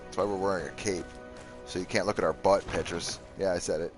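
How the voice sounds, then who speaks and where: A man's voice: low voice, fairly even intonation, a little fast, breathy edge, faint music behind. Joking male game streamer. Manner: playful, riffing, doing silly voices. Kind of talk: joking let's play commentary.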